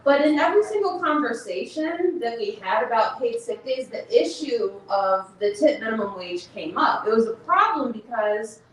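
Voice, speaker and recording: A woman's voice: fairly high pitch, lively intonation, moderate pace, few pauses, slight background noise. A woman organizer giving a passionate, emotional talk to an audience, laughing and close to tears as she speaks. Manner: passionate, laughs and nearly cries. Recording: echoey room, speaker far from mic.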